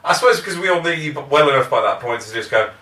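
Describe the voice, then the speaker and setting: A man's voice: a little high, expressive, fast, sharp tone. A man co-hosting a podcast in casual chat, with dry, teasing banter and frequent laughs. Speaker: podcast co-host. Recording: roomy echo, mic at a distance.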